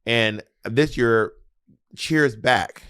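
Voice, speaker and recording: A man co-hosting a podcast in casual chat, teasing and quick to laugh, earnest when talking about his goals. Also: medium pitch, fairly bright tone, clean tone, no room sound, studio quality. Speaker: podcast co-host.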